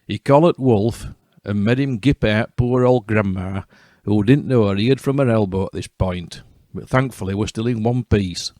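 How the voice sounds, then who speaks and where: Low-voiced Yorkshire storyteller, wry. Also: male voice, moderate pace, warm tone, no echo, clean studio sound. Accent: West Riding Yorkshire. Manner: broad dialect, wry asides to the listener. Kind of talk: dialect fairy-tale narration.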